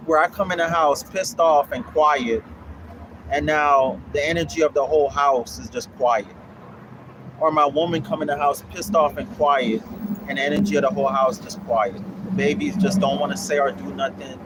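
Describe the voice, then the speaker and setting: A young man with a slightly high voice, heard over light background noise, hosts a casual livestream answering viewers about his land investing course. His manner is blunt and profane, and he keeps repeating himself as he preaches.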